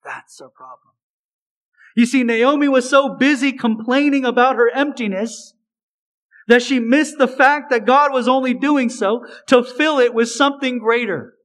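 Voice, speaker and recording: Man, preacher, sermon, fairly high voice, unhurried delivery, emphatic then hushed. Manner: swings between raised emphatic lines and hushed low asides; slow, deliberate delivery. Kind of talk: expository sermon.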